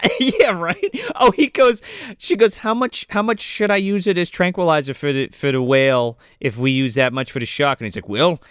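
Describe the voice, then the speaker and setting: A man's voice: on the high side, normal speed, smooth, dry recording, clean studio sound. A man co-hosting a podcast, chatting casually about a film and acting out scenes, swearing freely. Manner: animated, swearing, acts out movie scenes. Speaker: podcast co-host. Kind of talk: casual movie review chat.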